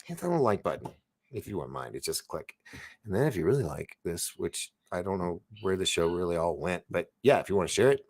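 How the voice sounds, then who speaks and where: Gravelly low-voiced man rambling on a live show. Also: lively intonation, fairly quick, darkish tone. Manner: rambling, self-interrupting, laughs often. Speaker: live show host reading chat. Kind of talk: casual live-stream chat.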